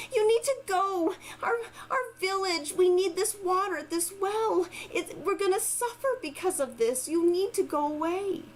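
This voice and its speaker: A woman's voice: lively intonation, unhurried. A woman doing a brave, upset little girl. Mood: shouting. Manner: high, pleading, shouting.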